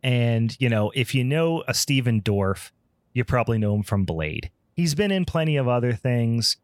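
A man's voice: mid-range voice, expressive, moderate pace, no echo, clean studio sound. A man hosting a podcast in casual chat, rambling and profane with frequent ums. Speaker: podcast host.

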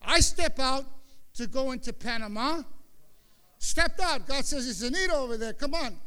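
High, bright-voiced preaching man. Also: moderate pace, clear, resonant tone. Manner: emphatic preaching, bursts into shouts. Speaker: pastor. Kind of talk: sermon.

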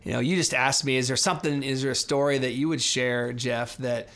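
Man, co-host, gravelly voice, reflective, shares stories. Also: mid-range voice, steady tone, brisk, a bit bright. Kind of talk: casual faith podcast chat.

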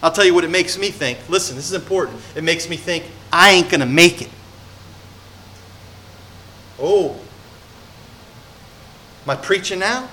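A male pastor with a bright, fairly high voice preaches in a conversational sermon style. He drops to a near-hush for his personal story, then builds to emphatic, rapid-fire exhortations. A faint hiss of room ambience sits behind him. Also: lively intonation.

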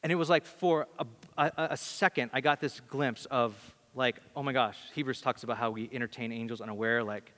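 A man preaching a sermon and telling a story in an animated, conversational way, with frequent restarts. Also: medium pitch, a little fast. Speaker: pastor. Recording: long hall reverb.

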